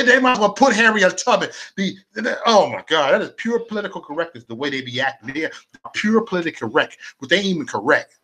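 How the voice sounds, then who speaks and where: A man ranting on a live stream, stammering and repeating words, his mouth dry and his voice going hoarse. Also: mid-range voice, bright, forceful tone. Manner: stammering repetitions, fiery ranting. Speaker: political vlogger. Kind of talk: live-streamed political rant.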